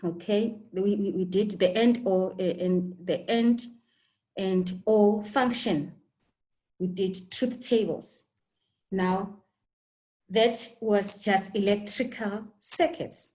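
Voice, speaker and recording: A woman's voice: medium pitch, fairly even intonation, takes it slowly, a little mellow, poor audio. A woman with a South African accent teaching a school technology lesson, stammering on repeated words and checking in with "okay?" often. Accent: South African English. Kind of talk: live online lesson.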